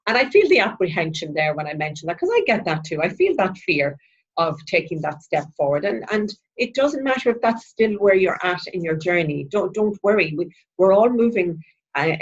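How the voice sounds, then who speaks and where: A woman's voice: fairly low pitch, very animated, normal speed, husky. A woman, a spiritual mentor, talking through a weekly card reading in a chatty, rambling way with many restarts. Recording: dull lo-fi sound.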